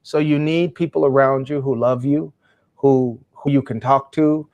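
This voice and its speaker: A man's voice: medium pitch, steady tone, measured pace, darkish tone, muffled recording. A man who is a guest in an interview, an education speaker answering in a passionate, emphatic, preacherly way.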